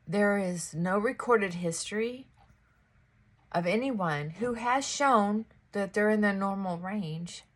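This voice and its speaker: A woman talks through her morning routine at home in a slow, unhurried way, chatting to the camera as she gets ready. Her voice is a little husky, and she breaks off now and then to speak to her dog. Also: mid-range voice, fairly bright tone. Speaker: vlogger. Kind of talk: casual morning chat while getting ready.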